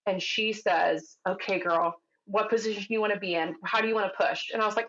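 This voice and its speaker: Woman podcast guest, animated storyteller who acts out the people she quotes, on a dull lo-fi line. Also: medium pitch, brisk, hardly any pauses. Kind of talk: telling a personal story in casual chat.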